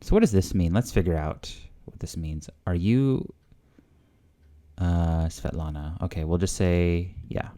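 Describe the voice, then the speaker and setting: A man's voice: sits low, a little slow, dark tone. A man learning a language on video, thinking aloud in a casual, hesitant way with lots of fillers and guesses.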